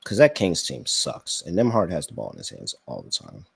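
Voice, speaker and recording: Deep-voiced man hosting a betting show. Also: wildly swooping pitch, normal speed, vocal fry, breathy edge, dry recording. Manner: thinks aloud, reacts to viewer chat. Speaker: sports betting podcast host. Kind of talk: casual live-stream chat.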